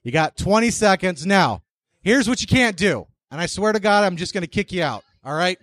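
A man's voice: high-pitched, expressive, normal speed, a bit bright, dry recording. A man hosting an investors' meeting in a big room, blunt and joking as he bosses the crowd through a handheld mic. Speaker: meeting host. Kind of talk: brash meeting emcee.

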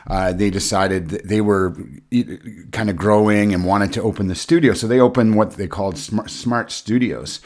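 A man's voice: fairly low pitch, moderate pace. A man on a podcast panel, talking casually about a band's history in an easygoing, hesitant way with many uhs. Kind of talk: casual album review chat.

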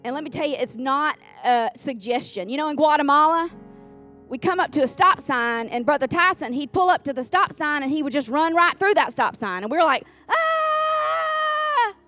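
A woman delivers a sermon from the pulpit in a somewhat high voice. She talks in a folksy way, repeats key lines for weight, and speaks straight to the congregation. Faint instrumental music plays underneath. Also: a little fast, bright, forceful tone. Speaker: preacher. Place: church sanctuary.

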